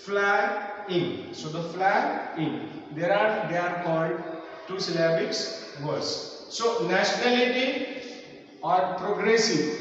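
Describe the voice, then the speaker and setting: A man with an Indian English accent, a native Marathi speaker, lectures in an unhurried classroom cadence, with a fairly high voice. He stretches out and repeats example words as he explains. The sound is distant and dull, with a long hall echo. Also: a little hiss or hum. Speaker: English teacher.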